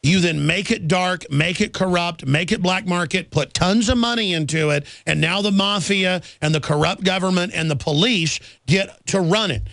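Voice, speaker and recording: Gravelly, emphatic talk radio host. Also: male voice, high-pitched, fairly bright tone, no room sound. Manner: emphatic, fast ranting.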